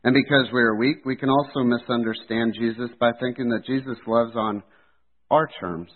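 A man delivers a sermon with earnest, steady conviction. His voice sits at an ordinary middle pitch. The recording is thin and tinny, like a phone line. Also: moderate pace. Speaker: preacher.

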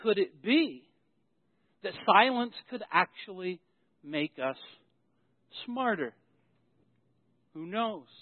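A man's voice: high-pitched, animated, takes it slowly, pauses often, no room sound. A man preaching a sermon as pastor, telling stories and building emphasis through repetition. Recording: tinny phone-like, dry sound.

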